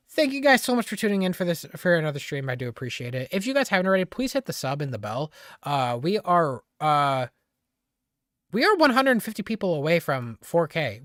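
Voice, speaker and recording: A live streamer in casual chat with viewers, excitable, laughing often and teasing the chat. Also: mid-range voice, no room sound, studio quality.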